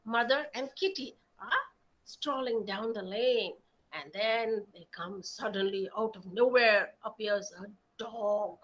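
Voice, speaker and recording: Bright-voiced woman storyteller, expressive and dramatic. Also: medium pitch, takes it slowly, low-quality recording. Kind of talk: animated oral storytelling.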